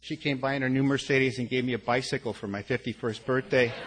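A man's voice: medium pitch, heavy background noise. An older man speaking at a recovery meeting, telling a frank, rambling personal story with many restarts. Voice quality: gravelly. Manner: frank and earnest, with blunt curses. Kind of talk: personal testimony to a group.

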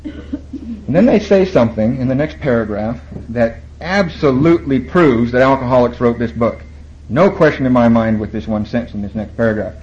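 A man's voice: medium pitch, lively intonation, normal speed, darkish tone. A man speaking at a recovery meeting, telling his story in a wry, self-mocking way and acting out what others said. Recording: dull lo-fi room recording, faint ambience.

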